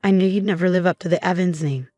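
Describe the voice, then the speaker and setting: Scornful drunk dad with a slurred cold voice read by a woman, kinda low. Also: quick pace, warm tone, dry recording, soft background music, close to an everyday voice. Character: drunk scornful middle-aged father.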